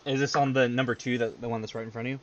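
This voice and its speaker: A man's voice: mid-range voice, flat delivery. Guy gm running a tabletop game, laid back, laughs a lot, dull lo-fi stream audio with a bit of hiss. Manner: easygoing, laughs often, fast asides. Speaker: game master.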